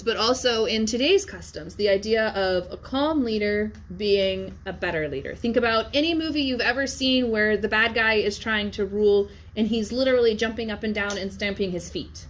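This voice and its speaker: A woman teaching in a classroom, lecturing in a conversational way and often checking in with her listeners. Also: fairly high pitch. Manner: conversational, keeps checking in with "yes?" and "okay?". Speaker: Latin teacher.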